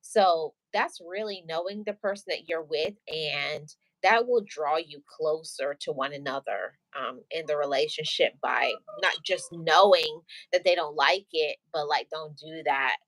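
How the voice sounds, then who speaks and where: A woman's voice: low-pitched, a little slow, few pauses, fairly bright tone, no room sound, rough recording. A woman hosting a casual chat about relationships, talking earnestly and asking rhetorical questions. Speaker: channel host.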